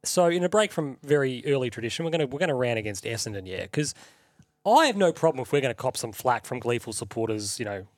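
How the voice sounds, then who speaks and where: A man's voice: medium pitch, big pitch swings, quick pace, dry recording, clean studio sound. A man co-hosting a casual podcast chat, telling stories and launching into a sweary, heated rant. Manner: profane, heated ranting with storytelling. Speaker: podcast co-host.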